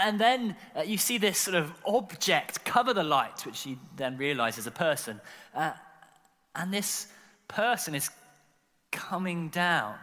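A man preaching a sermon, telling the story in an animated way with lots of fillers and repeated words. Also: high voice, big-room sound. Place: church.

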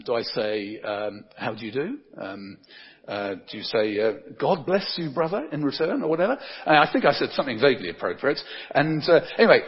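A man's voice: medium pitch, husky. A man, a pastor, preaching a conversational sermon full of tag questions like "don't they?". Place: church. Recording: dull sound with long church reverb.

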